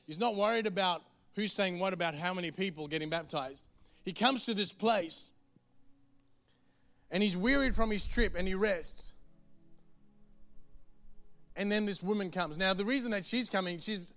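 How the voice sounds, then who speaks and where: Aussie pastor preaching, high voice, earnest and chatty, pushes to the point. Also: male voice, fairly bright tone, faint music behind. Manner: earnest, conversational, quick to the point. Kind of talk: sermon.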